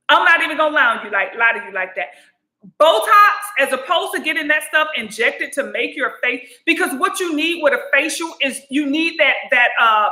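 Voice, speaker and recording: A woman's voice: sits high, sharp tone, reverberant. A woman vlogger in casual chat to camera, sassy and chatty, calling viewers honey and you guys. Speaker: beauty and lifestyle vlogger.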